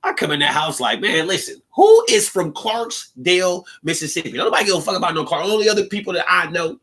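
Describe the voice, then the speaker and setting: A man's voice: on the high side, lively intonation, racing, sharp tone. A young man from the Pacific Northwest hosting a livestream, talking casually in a rambling, joking way with lots of slang and laughter. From Pacific Northwest (Seattle). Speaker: livestream podcast host. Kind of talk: casual monologue.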